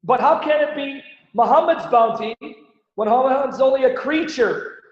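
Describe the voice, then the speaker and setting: A man's voice: very high voice, moderate pace. A man hosting a livestream, reading scripture aloud and animatedly pressing his audience with rhetorical questions. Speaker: Christian apologist host. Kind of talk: livestream Bible-Quran debate teaching. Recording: echoey, dull lo-fi stream audio.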